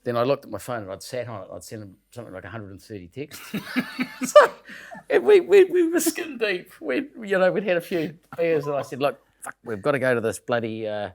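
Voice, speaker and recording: A man's voice: medium pitch, lively intonation, a little fast, gravelly. Rambling New Zealand man telling a story. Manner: rambling anecdotal storyteller, swears casually, laughs through his story. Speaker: show regular telling a story. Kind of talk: casual podcast chat.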